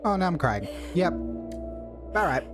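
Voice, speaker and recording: A gaming channel host giving excitable, jokey commentary while playing a horror game. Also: medium pitch, slow pace. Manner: excitable, jokey, reacts out loud. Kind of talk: let's-play commentary. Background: game music.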